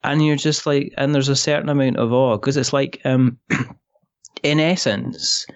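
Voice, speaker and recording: A man's voice: mid-range voice, a little slow, clear, resonant tone, dry recording. A man hosting a casual podcast conversation, joking and teasing in playful banter. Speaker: podcast host. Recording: slightly dull lo-fi audio.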